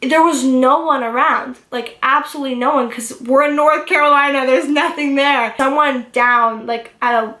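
A young woman vlogger recounts a personal story to her viewers, rushing and emotional with a stream of filler words. Her voice sits a touch high, and it is recorded in an echoey room. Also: fairly even intonation, pushed and bright. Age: young adult. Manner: emotional, rushed retelling full of "like" fillers.

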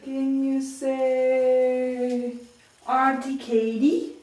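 A woman's voice: high voice, completely flat delivery, very slow, a little mellow, far from the mic. Woman coaxing a toddler, echoey bathroom. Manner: coaxing, prompting the child to repeat words. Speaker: parent. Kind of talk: home video chat with a toddler. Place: tiled bathroom.

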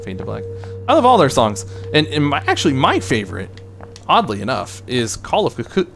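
A man's voice: medium pitch, wildly swooping pitch, fairly quick, creaky, a bit bright, faint music behind. A man playing a video game and chatting casually, rambling between his own remarks and the game. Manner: rambling, chatty, mock Russian accent at times. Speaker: gaming streamer. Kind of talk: let's play commentary.

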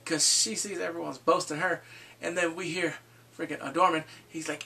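A man casually recapping a TV episode, swearing freely and jumping into quick impressions of the characters. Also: on the high side, fairly even intonation, vocal fry, sharp tone, recorded from a distance. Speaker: TV show reviewer. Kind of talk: casual spoiler recap vlog.

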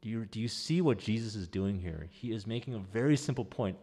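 A man preaching a sermon as pastor, in a conversational, animated way. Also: fairly low pitch, fairly quick, few pauses, breathy edge, long reverb tail. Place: church sanctuary.

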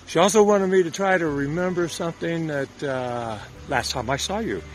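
A man's voice: a little high, moderate pace, slight background noise. An older man gives a folksy, joking birthday greeting to an old friend. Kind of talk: casual recorded birthday greeting.

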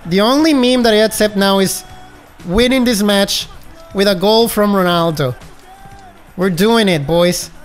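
A man giving excitable gameplay commentary as a gaming YouTuber, breaking into high yelps and laughter. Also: measured pace, long pauses, soft background music.

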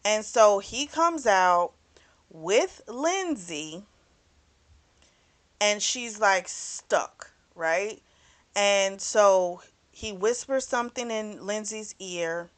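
A woman's voice: medium pitch, slow, fairly bright tone, clean tone. A woman hosting a book club channel, chatting through a novel's plot casually and acting out the characters' lines as she goes. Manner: swears freely.

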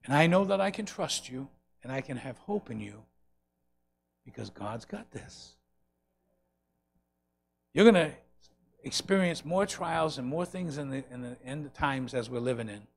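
A man preaching a sermon and leading a closing prayer, swelling loud on key lines and dropping soft between them. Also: medium pitch, lively intonation, a little slow, creaky, long pauses. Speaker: pastor. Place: church sanctuary.

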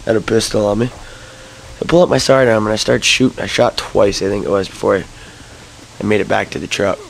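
A young man telling a rambling story to camera, early in the morning, swearing and jumping to high yelps when he gets excited. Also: quick pace, vocal fry, a little hiss or hum, low-quality recording. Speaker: vlogger.

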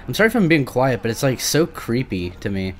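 A man's voice: mid-range voice, very animated, brisk, slight background noise. A young man giving nervous, swearing commentary while playing a creepy shooter game, often talking back to the monsters. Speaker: gameplay commentator. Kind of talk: let's play commentary.

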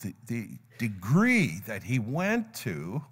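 With a live congregation around him, an older pastor delivers a sermon from the church sanctuary, voicing each character as he tells a parable. His medium-pitched voice swoops wildly in pitch and moves slowly, with a breathy edge, all wrapped in the long reverb of the church hall.

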